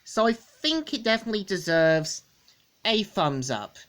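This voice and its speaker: A woman's voice: mid-range voice, big pitch swings, a little slow, a bit bright. A woman reviewing a comic book in a casual, rambling plot recap, repeating stock phrases.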